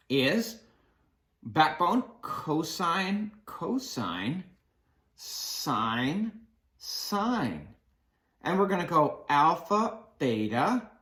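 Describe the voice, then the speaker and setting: A man teaching a math lesson in a playful way, acting out sine and cosine as friends in quick skits. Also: on the high side, a bit bright.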